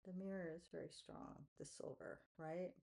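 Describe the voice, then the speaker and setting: A woman talking to camera as she paints, musing aloud in a soft, unhurried way. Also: lowish voice, steady tone, gravelly, slight background noise, low-quality recording. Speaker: artist vlogger. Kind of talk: casual art-making vlog, talking to camera.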